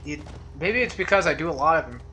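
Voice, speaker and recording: Fairly high-pitched and animated, a man speaks fast in a pushed, bright tone while commenting on a video game playthrough. His let's play chatter is relaxed and meandering, drifting into tangents before tailing off into mumbles, with a little hiss or hum underneath.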